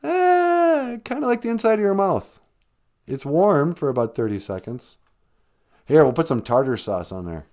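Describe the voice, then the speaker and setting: A man's voice: a little high, sing-song, normal speed, darkish tone, voice pushed up. A man putting on a fussy adult diner with a Minnesotan accent who finds mild food too spicy, talking in a sing-song way.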